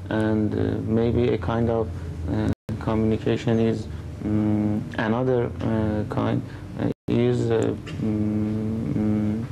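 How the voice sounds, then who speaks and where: A man learning English, answering hesitantly with many pauses and fillers. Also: on the low side, vocal fry, noisy background. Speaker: language student. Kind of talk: classroom answers.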